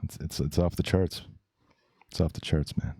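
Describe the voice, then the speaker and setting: A man with a low, dark voice hosts a podcast, talking over clips in a blunt, crude, rambling way. The sound is dry and close, with no room around it. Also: fairly even intonation, moderate pace, breathy edge, no echo. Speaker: podcast host. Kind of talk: casual reaction commentary.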